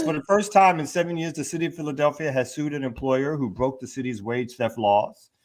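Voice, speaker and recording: A man hosting a morning show, reading a news story aloud in a relaxed way with fillers. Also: mid-range voice. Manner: relaxed, reads with fillers and restarts. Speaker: host.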